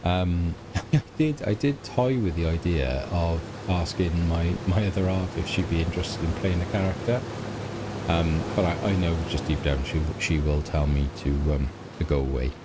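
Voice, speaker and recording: Deep-voiced British man, rambling. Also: moderate pace, noisy background. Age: middle-aged. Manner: rambling, hesitant, self-mocking. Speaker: let's play gamer. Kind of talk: casual chat while playing.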